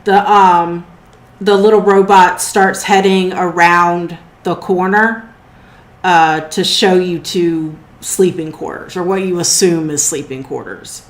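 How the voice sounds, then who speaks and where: A woman running a tabletop game as game master, describing scenes in a relaxed way with some fillers. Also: fairly low pitch, takes it slowly, reverberant.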